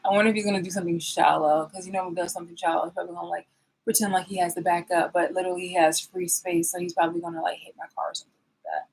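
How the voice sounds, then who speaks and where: A woman's voice: on the low side, fairly even intonation, racing, vocal fry, a little mellow, husky, rough recording. A woman vlogger in a rambling, sarcastic rant, swearing and restarting her sentences as she calls people out. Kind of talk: confrontational vlog rant.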